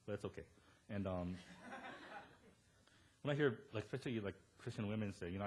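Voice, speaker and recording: A man in his thirties preaching a sermon as pastor, animated and storytelling, quoting the people he talks about. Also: fairly low pitch, husky.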